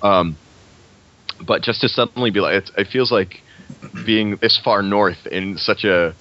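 Brief: young man, low voice, loose rambling podcast talk, muffled lo-fi audio. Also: a little slow. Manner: rambling, frequent restarts and laughs. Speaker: guest actor. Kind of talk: casual podcast chat. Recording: lo-fi muffled recording.

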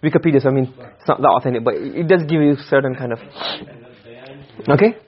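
A man's voice: medium pitch, quick pace, muffled recording. A man teaching Arabic grammar in a classroom lecture, explaining step by step and quizzing his students.

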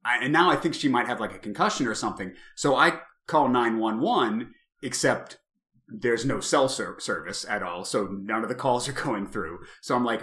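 Animated, swearing man telling a story. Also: medium pitch, normal speed, roomy sound. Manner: animated, profane, swings to shouting in retold moments. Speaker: podcast co-host. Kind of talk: casual storytelling.

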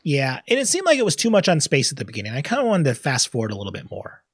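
A man's voice: medium pitch, very fast, slightly rough, dry recording, studio quality. A man co-hosting a casual movie podcast, acting out his reactions as he talks. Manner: animated, acts out his own reactions. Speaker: podcast co-host. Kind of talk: casual chat.

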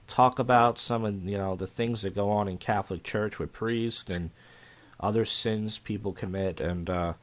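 A young man co-hosting a podcast in casual chat, rambling and halting with many restarts and fillers. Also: fairly low pitch, steady tone. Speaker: podcast co-host.

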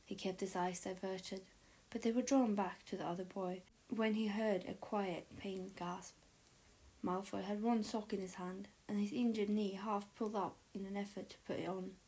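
A woman reading a story aloud in a soft, breathy narrating voice. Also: medium pitch, steady tone, normal speed, poor audio. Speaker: audiobook narrator. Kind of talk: reading fan fiction aloud.

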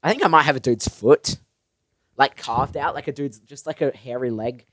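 A man's voice: medium pitch, moderate pace, a bit bright, no echo. Giggly rambling young guy on a dry mic. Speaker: podcast co-host. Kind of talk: casual chat. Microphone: podcast microphone.

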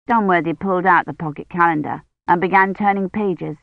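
An audiobook narrator reading a novel in a steady, measured way. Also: medium pitch, vocal fry, no room sound. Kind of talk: scripted narration. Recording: slightly muffled dry studio read.

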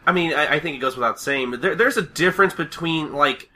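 A man co-hosts a casual podcast, talking through a cartoon episode in a loose, rambling way. His voice is very bright and sharp, and he swears freely and laughs often. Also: on the high side, quick pace. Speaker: podcast co-host.

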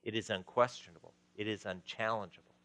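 A man's voice: on the low side, fast talker, bright, forceful tone. A man preaching a sermon as pastor, conversational, with frequent restarts and asides.

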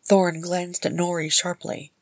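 A woman reading a storybook chapter aloud in a measured, soft narration. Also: on the low side, level tone, no echo. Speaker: audiobook reader.

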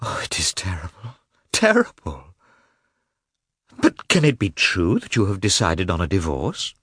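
A man's voice: wildly swooping pitch, measured pace, a bit bright, husky, no echo, clean studio sound, heavily acted. A man voicing a distraught, earnest woman who pleads on behalf of her friend, for an audiobook. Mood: tearful. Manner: pleading, rising into high cries. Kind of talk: audiobook character voice.

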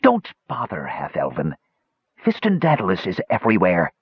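A man gives voice to a bodiless dead wizard who hisses and rasps his threats, drawing each word out slowly and mockingly. The low, husky tone has swooping turns and sounds dull and muffled. This is audiobook character acting. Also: wildly swooping pitch, no echo, exaggerated voice. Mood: menacing. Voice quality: rasping, hissing.

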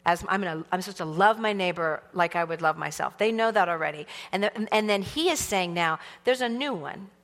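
A woman teaching a sermon in a casual, animated way, leading the congregation in call-and-response. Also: lowish voice, brisk, hardly any pauses. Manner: animated, casual and conversational, teasing the audience. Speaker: church teacher. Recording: long hall reverb.

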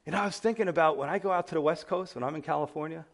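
A man's voice: a little high, racing. A man with a New York accent preaching a sermon, reading scripture and retelling it with humorous asides. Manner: animated storyteller, acts out quotes with humorous asides. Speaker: pastor.

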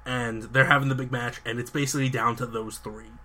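Young male podcast host, crisp bright tone, mid pitch, enthusiastic run-on storyteller. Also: level tone, fairly quick. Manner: enthusiastic, rambling storytelling with many fillers and restarts. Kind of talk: casual chat.

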